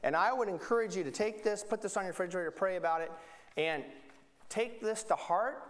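Chatty joking male pastor, slightly high voice. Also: brisk. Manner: chatty, joking, self-interrupting. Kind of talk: casual sermon.

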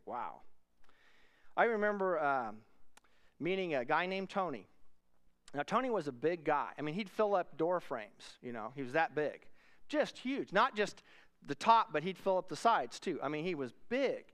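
A man preaching a sermon, telling a story with animated delivery and shouted quoted voices. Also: a little high, moderate pace.

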